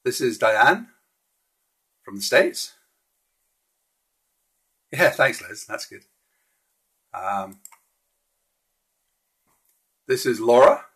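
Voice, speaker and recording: Male live-streamer, husky mid-pitched voice, friendly and halting delivery. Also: a bit bright. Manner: friendly, hesitant, frequent restarts. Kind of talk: casual live-stream walkthrough of slides.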